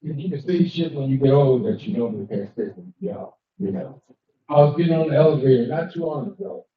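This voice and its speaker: An older man doing crude, animated stand-up comedy, slipping into quick character voices as he tells his stories. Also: medium pitch. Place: cigar lounge comedy stage. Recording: echoey distant dull live-room recording.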